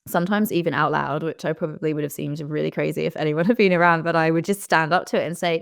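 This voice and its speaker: Low-voiced woman, smooth. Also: fairly even intonation, quick pace, hardly any pauses, no echo, clean studio sound. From United Kingdom. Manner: candid, reflective storytelling. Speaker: interview guest. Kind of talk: casual interview conversation.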